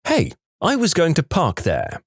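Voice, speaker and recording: A man voicing a pushy, demanding woman driver in a shrill, indignant tone while reading a story aloud. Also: wildly swooping pitch, unhurried, slightly rough, dry recording, clean studio sound, exaggerated voice.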